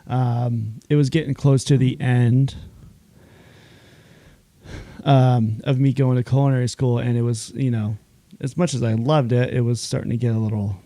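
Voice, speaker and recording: A man, a chef, chatting as a podcast guest, telling animated stories, acting out quoted dialogue and laughing often. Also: medium pitch, normal speed, hardly any pauses, no echo. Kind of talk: casual interview chat.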